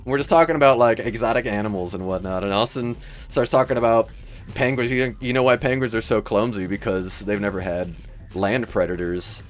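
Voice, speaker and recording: A man's voice: lowish voice, brisk, soft background music. A man from Michigan with a Midwestern accent, hosting a livestream and chatting casually with viewers, rambling and laughing often. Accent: Midwestern American. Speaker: livestream host.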